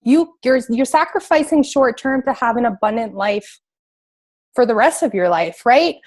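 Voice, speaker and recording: A young adult woman giving a motivational team call as a coach, energetic and emphatic, repeating her key points. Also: on the high side, moderate pace.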